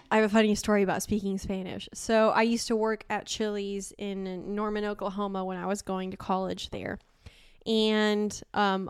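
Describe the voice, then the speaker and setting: A young Argentine woman co-hosts a podcast, chatting casually, giggling a lot and swearing freely as she tells stories. Her mid-range voice has a clean tone, captured dry with clean studio sound.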